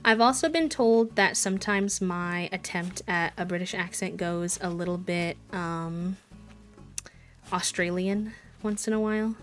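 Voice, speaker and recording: Chatty woman streamer, slightly low voice. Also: unhurried, soft background music. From Wisconsin, USA. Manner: chatty, rambling and reflective. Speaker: live streamer. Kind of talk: casual chat while playing a video game.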